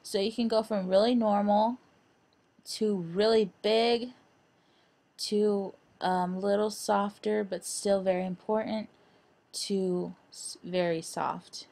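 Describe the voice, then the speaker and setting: A young woman walks through a screen-recorded design lesson at an unhurried pace. She talks in a halting way, with frequent fillers and restarts. Her voice sits at a middle pitch. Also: steady tone, gravelly, warm tone. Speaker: instructor.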